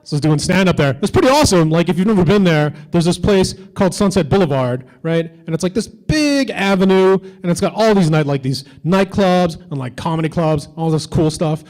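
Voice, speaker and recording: A man's voice: high voice, lively intonation, brisk, hardly any pauses, a little mellow, poor audio. A man doing a stand-up comedy set on a convention stage, with edgy, teasing banter toward the crowd.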